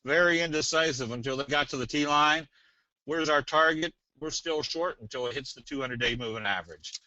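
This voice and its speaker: A man presents a casual webinar in a folksy, rambling manner, like a salesman explaining charts. His voice is bright and forward. The audio is dull and lo-fi, dry with no room sound. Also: fairly high pitch, fairly quick, no room sound. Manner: folksy, rambling, tells jokes.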